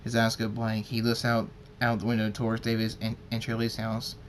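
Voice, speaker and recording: A man's voice: on the low side, completely flat delivery, brisk, a little hiss or hum. A man reading a fan story aloud in a plain, amateur way, with small slips and restarts. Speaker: fan fiction reader.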